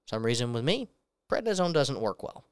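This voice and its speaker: A man's voice: mid-range voice, sing-song, moderate pace, clean tone, no echo, clean studio sound. A young man giving a personal testimony as a sermon, earnestly telling a story and acting out the dialogue in it. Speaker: preacher.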